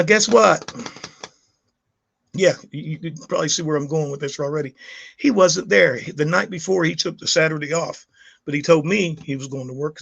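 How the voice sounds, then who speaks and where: Gravelly middle-aged man ranting a story. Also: fairly high pitch, fairly bright tone, muffled recording. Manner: rambling, heated, frequent restarts and fillers. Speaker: YouTube vlogger. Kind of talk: casual storytelling vlog.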